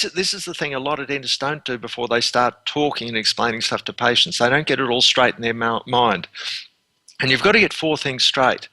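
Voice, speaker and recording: Man, 60s, interview guest; bright, forceful tone, dry close sound, lively storyteller who restarts mid-phrase. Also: medium pitch, no room sound, poor audio. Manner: animated storyteller, acts out scenes, repeats words when restarting. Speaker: dental consultant and lecturer.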